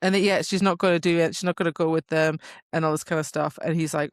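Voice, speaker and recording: A woman's voice: low-pitched, little pitch movement, fairly quick, clean tone, no echo. Give me a woman co-host chattily recapping a book, in a dry, close recording. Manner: chatty plot recap with fillers and restarts, quoting characters. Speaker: podcast co-host. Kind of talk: casual book-club chat.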